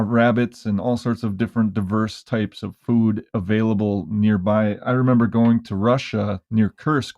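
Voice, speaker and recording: A man talks thoughtfully as a guest, pausing and restarting as he goes. His voice sits low. The sound is dull and lo-fi, heard over a dry, muffled line. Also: mellow, no echo. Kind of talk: casual chat.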